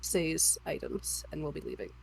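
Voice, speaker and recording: A woman player in a live-streamed tabletop game, explaining things in an unhurried way. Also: low voice, vocal fry, darkish tone, husky, poor audio.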